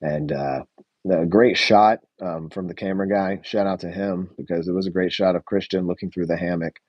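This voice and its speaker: A man's voice: deep voice, steady tone, moderate pace, no room sound, muffled recording. A young man hosting a live show review stream, chatting casually with lots of fillers and answering his chat. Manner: rambling, many fillers, reads live chat.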